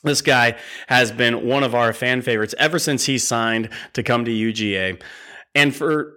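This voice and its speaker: A man's voice: medium pitch, normal speed, pushed and bright. This is a man running a sports podcast on his own, rambling cheerfully in plain fan talk. He jokes along the way and keeps the tone casual and enthusiastic. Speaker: podcast host.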